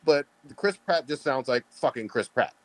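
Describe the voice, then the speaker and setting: A man's voice: medium pitch, animated, normal speed, dry recording. A man hosting a casual podcast chat, blunt and heavy on profanity, talking with emphasis. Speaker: podcast host.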